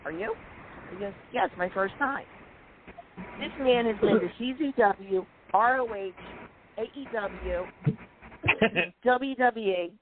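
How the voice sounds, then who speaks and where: A woman telling lively stories in casual chat, quoting people and clearing her throat often. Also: medium pitch, unhurried, a little hiss or hum. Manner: animated anecdotes, quoting others, frequent throat clearing. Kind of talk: casual storytelling on a call-in chat. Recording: tinny phone line.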